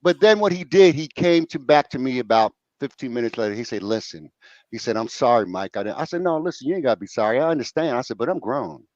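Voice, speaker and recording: A man's voice: medium pitch, lively intonation, quick pace, few pauses, a little mellow, no room sound. Dull, dry-sounding male storyteller host. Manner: storytelling, acts out quotes, swears freely. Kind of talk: casual chat and storytelling.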